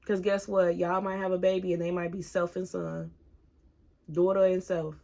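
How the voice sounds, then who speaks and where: A woman in her thirties talking openly in a personal vlog, earnest and halting, at times giving direct advice to viewers. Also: fairly low pitch, level tone, vocal fry, dark tone. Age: 30s. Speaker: single mom vlogger.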